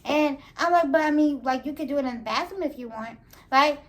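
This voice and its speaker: A young woman vlogger telling a casual, animated storytime, laughing and slangy as she goes. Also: sits high, fairly quick. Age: young adult.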